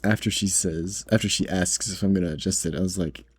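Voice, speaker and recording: A man's voice: deep voice, fairly even intonation, brisk, husky. A man who works as a grocery cashier tells a story in a casual vlog, rambling with lots of "like" and "right?" and sounding nervous and indignant.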